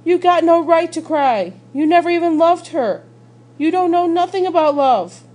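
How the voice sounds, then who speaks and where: A woman voicing a grieving boy who pleads and shouts at his father in a story reading. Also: very high-pitched, moderate pace, voice pushed up. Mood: anguished shouting. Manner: pleading then screaming.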